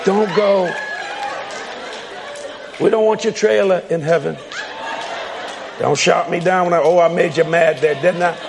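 A man preaching a sermon in a church hall, fiery and emphatic, shouting and repeating his lines. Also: high-pitched, fairly even intonation, a little slow, gravelly, long pauses, a crowd in the background, noisy background. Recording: long hall reverb.

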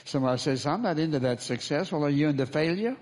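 A man's voice: fairly high pitch, lively intonation, fast, a little mellow. A man as pastor, preaching a sermon, calling for responses from the congregation and repeating key phrases for emphasis.

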